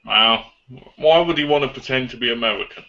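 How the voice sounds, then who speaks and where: A joking English man chatting with friends in a very bright, sharp voice. He is self-deprecating and teasing. The recording is dull and lo-fi. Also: medium pitch, a little fast. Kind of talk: casual chat.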